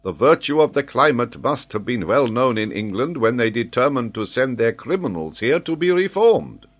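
Guy doing a excitable french scholar, lively swooping voice, eager to astonish. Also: mid-range voice, moderate pace, close to an everyday voice. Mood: vehement. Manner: vehement, emphatic, eager to astonish. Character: excitable, impetuous middle-aged French male scholar.

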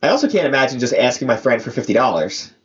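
Brief: man, podcast co-host, quick rambling joker, mid-pitched, dull lo-fi recording. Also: big pitch swings. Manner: joking, rambling, frequent filler words. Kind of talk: casual chat.

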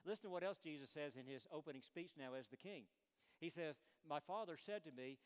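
A man preaching a sermon, swinging between emphatic, raised lines and hushed, slowed quotations. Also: mid-range voice. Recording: long hall reverb.

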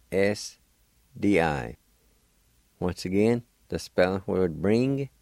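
A man teaching a slow radio language lesson, spelling words letter by letter. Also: deep voice, expressive, mellow, no echo.

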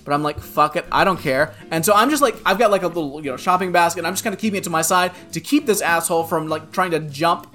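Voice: mid-range voice, fast, hardly any pauses. A podcast co-host telling a rant story in casual chat, swearing often and saying "like" constantly, over faint guitar music. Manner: profane, animated, peppered with "like".

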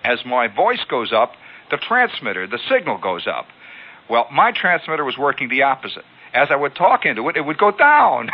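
A man hosting a radio show, telling a long story in an animated way and acting out sounds, heard on a lo-fi old broadcast. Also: medium pitch, fast talker. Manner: animated, acts out sounds and callouts. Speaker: radio host. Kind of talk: spoken storytelling monologue.

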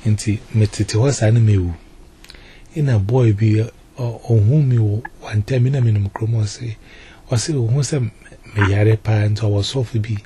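A man's voice: lowish voice, steady tone, normal speed, mellow, slight background noise. A man giving a personal testimony, repeating himself and mixing English words into his talk. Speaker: testimony giver.

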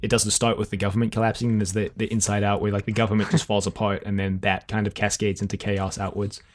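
A man's voice: on the low side, flat delivery, fast, a little hiss or hum. A man co-hosting a podcast, talking casually and thinking aloud with many fillers and restarts. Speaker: podcast co-host.

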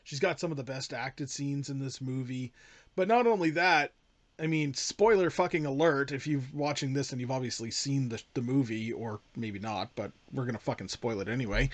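A man's voice: mid-range voice, moderate pace, no echo. A man hosting a casual movie review podcast, giving blunt, emphatic opinions with plenty of swearing. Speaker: podcast host.

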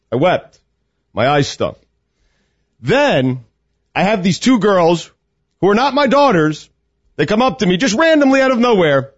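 Co-hosting a radio show, a man with a high voice speaks unhurriedly with long pauses, in a dull, dry studio sound with no room noise. A youth lacrosse coach, he grows choked up recounting coaching his daughter's team, tearing up as his excitement rises.

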